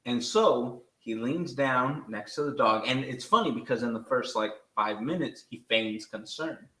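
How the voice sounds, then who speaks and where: Man, slight Southern accent, profane, excitable, teasing, casual chat, mid pitch, roomy sound. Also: a little slow. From Oklahoma. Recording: echoey room.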